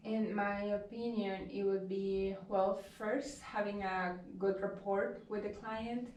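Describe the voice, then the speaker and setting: A woman's voice: medium pitch, steady tone, takes it slowly, a little mellow, dull audio, slight background noise. A woman social worker giving brief, plain answers with some hesitation. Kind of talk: interview answers. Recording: echoey room from a distance.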